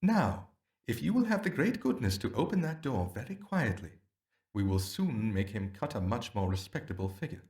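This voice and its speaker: A man reading an audiobook, voicing a sharp, cool-headed detective with a crisp, precise and wry manner. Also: medium pitch, sing-song, normal speed. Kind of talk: audiobook character voice.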